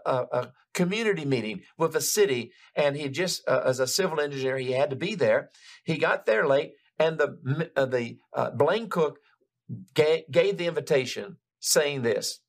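Man, preacher, sermon testimony, slightly high voice, emphatic storytelling. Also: vocal fry. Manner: animated, emphatic storytelling with frequent restarts.

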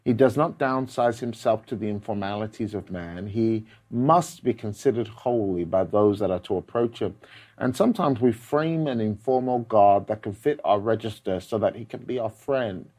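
A man's voice: on the low side, normal speed, darkish tone. Man preaching with strong emphasis. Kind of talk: sermon.

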